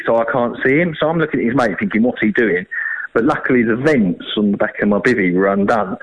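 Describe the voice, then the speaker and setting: A man's voice: on the low side, poor audio. A man, telling a long fishing story in a chatty, rambling, slangy way. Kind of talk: casual storytelling.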